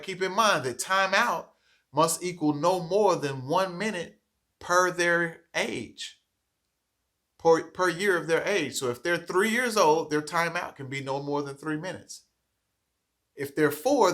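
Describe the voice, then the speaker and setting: A man's voice: a little high, pushed and bright. A man giving a training talk to childcare teachers, earnest and coaching, often checking in with "okay?".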